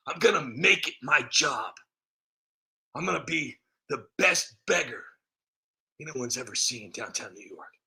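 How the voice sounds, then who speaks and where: A man's voice: a little high, gravelly, bright, forceful tone. A man on his own comedy channel, rambling through a self-mocking comic rant.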